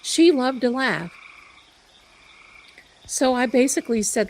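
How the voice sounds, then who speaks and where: Animated woman storyteller on a live stream. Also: high voice, slow, a little hiss or hum, poor audio. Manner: animated, chatty, loud bursts of laughter. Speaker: psychic live-stream host.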